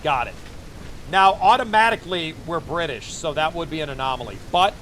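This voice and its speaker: A man's voice: fairly high pitch, animated, a little fast, a bit bright, slight background noise. A man streaming a game, chatting and joking to his viewers as he plays. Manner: joking, chatty, talks to himself while playing. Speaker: VTuber streamer. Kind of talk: casual gaming commentary to chat.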